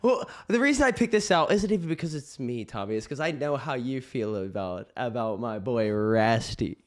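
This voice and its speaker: A man's voice: mid-range voice, animated, moderate pace. A man in casual, crude podcast banter who rambles, mocks himself and laughs often as he talks. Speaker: streamer and show guest.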